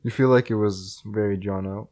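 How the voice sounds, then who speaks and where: A man's voice: lowish voice, fairly even intonation, moderate pace, darkish tone. A young man co-hosting a podcast, telling a rambling story among friends with lots of fillers. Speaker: podcast co-host. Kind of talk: casual chat among friends.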